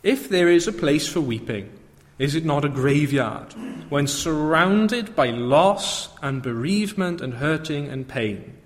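A man's voice: on the high side, lively intonation, unhurried. Reflective male preacher in a reverberant church. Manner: reflective, with rhetorical questions. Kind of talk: sermon.

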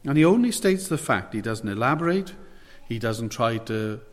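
A man's voice: mid-range voice, very animated, normal speed. A man preaching a sermon, earnest and emphatic, his voice rising as he leans into the questions he quotes. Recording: long hall reverb.

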